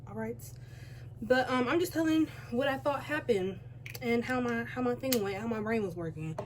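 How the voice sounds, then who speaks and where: A woman's voice: on the high side, animated, normal speed, slight background noise. A teenage girl chatting casually while doing her makeup, rambling and interrupting herself with asides. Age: teens. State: out of breath. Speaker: beauty vlogger. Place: home, by a window.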